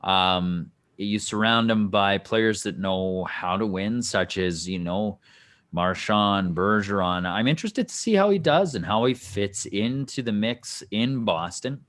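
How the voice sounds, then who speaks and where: A man's voice: fairly low pitch, a little slow, a bit bright. A man co-hosting a casual sports podcast, rambling through his points with restarts and light jokes. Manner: rambling, full of fillers and restarts, joking. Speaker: podcast co-host.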